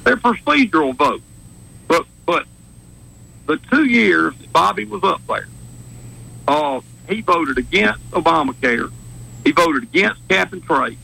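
A man's voice: a little high, expressive, gravelly, bright, forceful tone, husky, rough recording. A man with a Wiregrass Alabama accent, a judge calling in to a talk show, talking in a combative, fired-up way. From southeast Alabama. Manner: fired-up, rapid, combative, laughing.

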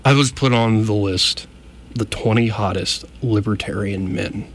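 A man's voice: on the low side, a little slow, slight background noise. A man chatting casually as a podcast host, self-deprecating, laughing often and acting out the people in his stories. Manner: animated storyteller, acts out quotes. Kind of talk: casual chat.

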